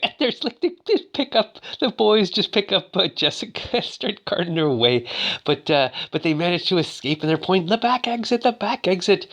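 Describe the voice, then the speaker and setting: A man's voice: on the high side, a bit bright. A man casually retelling a movie in a rambling, joking way, full of fillers. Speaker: narrator.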